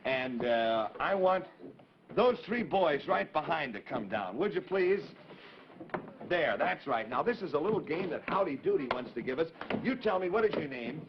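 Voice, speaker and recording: This 1950s children's TV host has a fairly high voice that swings widely in pitch, and he talks at a normal speed. Live on air, he chats cheerfully with youngsters in the audience, captured on a muffled vintage broadcast with light hiss.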